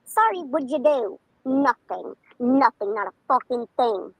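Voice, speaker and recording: A woman's voice: sits high, lively intonation, unhurried, slightly rough, dry recording, rough recording. A woman, ranting angrily and profanely on a livestream. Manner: profane, heated, confrontational. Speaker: livestream commentator. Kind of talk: angry livestream rant.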